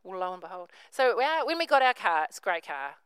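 A woman's voice: mid-range voice, big pitch swings, quick pace, a bit bright, smooth, dry recording, low-quality recording. A woman, preaching a sermon, telling a story and acting out the characters' voices.

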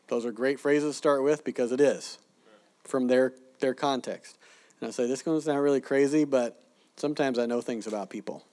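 A man teaching a church audience sermon-style, telling stories and acting out the people he quotes. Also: medium pitch. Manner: animated storyteller, acts out quoted people. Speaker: preacher teaching evangelism.

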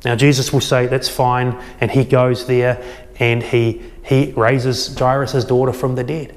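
A man preaching a sermon, retelling a scripture story with lively acted-out quotes. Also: medium pitch, unhurried, long reverb tail. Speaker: pastor.

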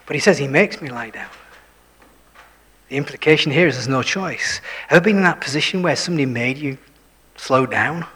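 A man preaching a sermon, dropping to hushed whispers for emphasis and putting questions to his listeners. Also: on the high side, fast talker, breathy edge. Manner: shifts between full voice and hushed whispers for emphasis; self-deprecating, asks the listeners questions. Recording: long hall reverb.

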